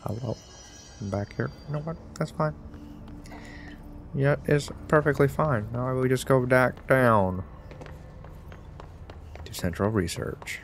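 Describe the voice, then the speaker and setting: A gaming streamer gives casual let's-play commentary, joking at his own expense, talking to himself, and getting excitably worked up at the screen. His medium-pitched voice has vocal fry and moves slowly with long pauses, over slight background noise.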